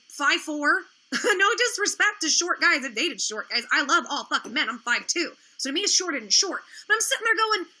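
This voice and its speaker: A woman's voice: extremely high pitch, bright, forceful tone. A woman hosting a livestream, talking in an indignant, sarcastic and profane rant, sounding worn out. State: tired, low energy. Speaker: livestream host. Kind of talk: ranting livestream talk.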